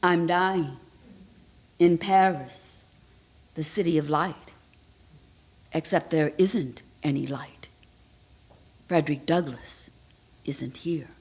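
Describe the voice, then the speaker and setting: A woman voicing a dying German woman writer in her fifties, with a German accent and crisp, sharp consonants. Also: low voice, slow, pauses often. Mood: bitter, wistful. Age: 50s.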